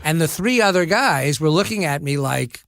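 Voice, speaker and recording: Older guy in his 70s, gravelly voice, dry close mic, telling funny self-deprecating stories with lots of restarts. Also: on the high side, lively intonation, normal speed, fairly bright tone, dry recording. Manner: wry, self-deprecating storyteller with frequent restarts. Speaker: actor, podcast guest. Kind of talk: casual anecdotal storytelling.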